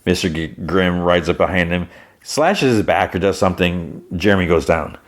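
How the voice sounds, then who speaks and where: Deep-voiced guy rambling through a show recap, lots of likes. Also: moderate pace. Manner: rambling retelling full of "like". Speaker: podcast host. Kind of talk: casual episode recap.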